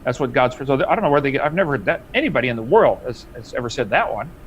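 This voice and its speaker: A man's voice: medium pitch, animated, racing, highs cut off, a little hiss or hum. A man arguing emphatically in a live-stream debate, his voice jumping up when he presses a point. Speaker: debate guest.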